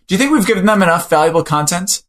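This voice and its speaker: Chatting casually on a podcast, a male co-host jokes around and fumbles through the show's sign-off, apologizing as he stumbles. His high voice is expressive and a bit bright, and he talks at a racing pace.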